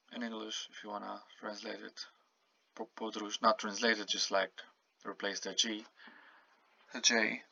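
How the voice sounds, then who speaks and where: Slow gravelly man teaching pronunciation. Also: fairly low pitch, sharp tone, no echo. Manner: slow, patient, repeats words to model pronunciation. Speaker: Polish language teacher. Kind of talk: casual spoken language lesson. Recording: dull lo-fi home recording.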